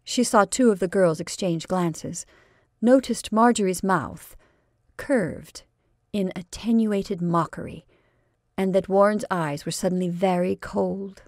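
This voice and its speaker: Woman, storyteller, scripted narration, measured, expressive, gravelly, dry. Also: medium pitch, dry recording.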